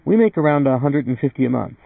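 A man's voice: medium pitch, expressive, fast, gravelly, no room sound, narrow, tinny audio, pitched above the performer's own voice. A man voicing a nervous, stammering young husband who speaks fatalistically in a read-aloud story. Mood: anxious.

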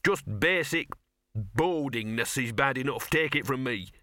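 A man's voice: mid-range voice, animated, sharp tone, dry recording, studio quality. A man doing a scruffy cynical talking dog. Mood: ominous. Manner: gloomy, knowing, drawn-out working-class talk.

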